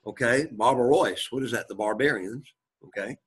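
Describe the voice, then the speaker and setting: A man teaching a Greek class, reading Greek aloud, translating it and quizzing his students, often clearing his throat. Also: medium pitch, moderate pace. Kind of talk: classroom lecture.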